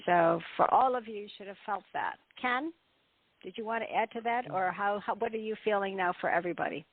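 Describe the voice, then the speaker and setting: A woman's voice: medium pitch, fairly quick, no room sound. Effusive woman host on a tinny line. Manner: effusive and upbeat, repeats herself. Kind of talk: casual group call. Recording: tinny phone line, dry.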